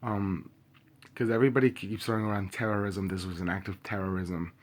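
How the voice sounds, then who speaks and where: A young man speaking straight to camera in a personal video, grieving and angry, impassioned and halting with many pauses, swearing openly. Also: fairly low pitch, steady tone. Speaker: vlogger.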